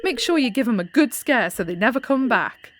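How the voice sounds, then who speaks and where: A woman's voice: on the high side, expressive, fairly quick, a little hiss or hum, lightly acted. A British woman reading the lines of a grumpy old neighbor in a farming video game, in a lightly put-on voice. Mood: grumbling. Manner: reading game dialogue aloud.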